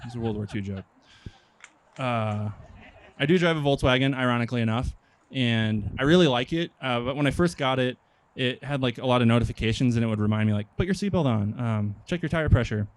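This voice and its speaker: A young man from Nebraska doing a stand-up comedy set, deadpan and hesitant, with many pauses and ums. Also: medium pitch, clear, resonant tone, dry recording. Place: outdoor park stage.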